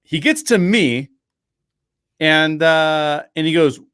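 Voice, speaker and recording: With a fairly high, clear and resonant voice, this man speaks slowly as an interview podcast guest recounting a personal story. He animatedly acts out others' words, laughing often and peppering his talk with fillers and restarts. The audio is studio quality without echo.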